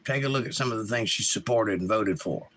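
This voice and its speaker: A man's voice: lowish voice, a little fast, fairly bright tone. A man hosting a casual live stream, giving blunt opinions and answering viewers' chat messages. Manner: opinionated, reads chat aloud and talks back. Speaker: livestream host.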